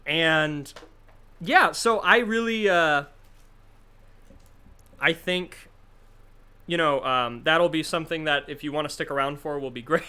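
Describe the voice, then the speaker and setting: A man's voice: a little high, unhurried, pauses often, sharp tone, clear, resonant tone. A man co-hosting a charity stream, chatting casually and laughing often. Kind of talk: casual chat.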